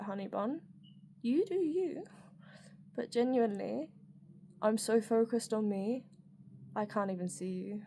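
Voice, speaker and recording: A woman's voice: mid-range voice, vocal fry, mellow, a little hiss or hum. Candid, rambling woman vlogger. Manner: rambling and candid, with frequent fillers, swearing and laughter. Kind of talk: personal reflective monologue.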